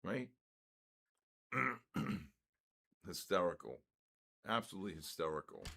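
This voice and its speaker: A man's voice: low voice, expressive, takes it slowly, vocal fry, bright, forceful tone. A man in his early sixties hosting a live trading stream, chatting loosely with viewers and jumping between stories and market calls. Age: 60s. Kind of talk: casual live-stream chat.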